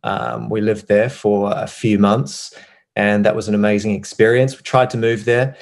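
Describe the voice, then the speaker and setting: A man in his thirties speaks in a fairly low voice, relaxed and a little hesitant. He talks as a podcast guest, filling his sentences with ums and restarts. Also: moderate pace. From United Kingdom. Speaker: podcast guest, former pastor. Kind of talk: casual interview conversation.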